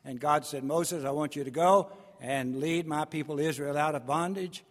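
A man's voice: a little high, moderate pace. Folksy preacher man in a reverberant hall. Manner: folksy storytelling, acting out Bible voices. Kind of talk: sermon.

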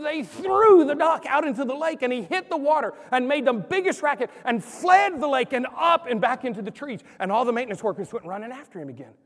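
A man in his forties preaching a sermon, telling stories with animated swings and acting out the voices. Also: very high-pitched. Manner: animated storyteller, acts out quotes. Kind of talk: sermon with storytelling. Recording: long hall reverb.

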